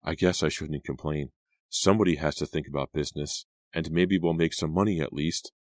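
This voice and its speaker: A blunt, wry teenage girl, as a male narrator puts her on, speaking flatly and matter-of-factly in a voice that stays very deep. The storybook reading sounds close and dry. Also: brisk, dry recording. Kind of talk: audiobook character voice.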